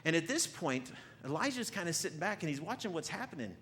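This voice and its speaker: Animated bright-voiced male pastor. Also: a little high, fast, slight background noise. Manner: animated, acts out quotes, repeats words. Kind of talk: sermon storytelling. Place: church.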